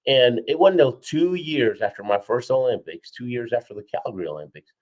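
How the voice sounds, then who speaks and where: A man telling a story as a guest in an interview, energetic and punctuating his points with "right?" and "okay?". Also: mid-range voice, a little fast, poor audio. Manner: energetic, frequently acts out quoted voices, punctuates with "right?" and "okay?". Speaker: guest, four-time Olympian and keynote speaker. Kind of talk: animated storytelling in a podcast interview.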